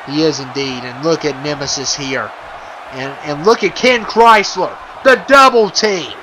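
A man giving playful, excitable wrestling commentary over a video game, chuckling often and full of fillers and restarts. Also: a little high, unhurried, noisy background.

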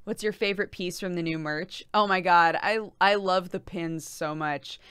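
Woman streamer chatting away, lowish smooth voice, dry close mic, lots of ums and giggles. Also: steady tone, normal speed, fairly bright tone, dry recording. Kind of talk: casual chat with viewers.

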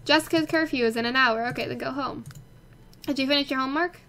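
A young woman with a high, bright voice gives casual, chatty game commentary. She gets excitable and talks straight to the characters on screen. A faint hiss sits under the recording. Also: quick pace. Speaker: let's play host.

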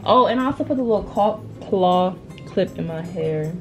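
A woman's voice: lowish voice, lively intonation, moderate pace. Chatty young woman vlogging, music underneath. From United States. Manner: chatty, slangy, self-interrupting. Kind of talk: casual vlog chat. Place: at home. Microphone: camera or phone mic. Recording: music playing behind.

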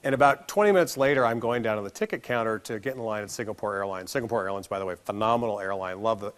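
Animated American man giving a keynote. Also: fairly low pitch, racing, smooth. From United States. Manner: animated storyteller, acts out voices, laughs along. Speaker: keynote speaker. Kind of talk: conference keynote with anecdotes. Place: conference hall stage.

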